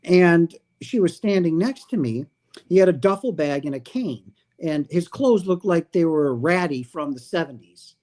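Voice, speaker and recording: Animated man telling a spiritual story. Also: a little high, normal speed. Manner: animated, acts out quoted dialogue. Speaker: livestream host.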